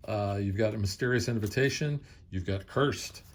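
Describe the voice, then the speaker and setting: A middle-aged man in a casual board game review chat, explaining rules in a relaxed way with plenty of ums and uhs. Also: fairly low pitch, moderate pace. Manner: relaxed, explanatory, filler-heavy.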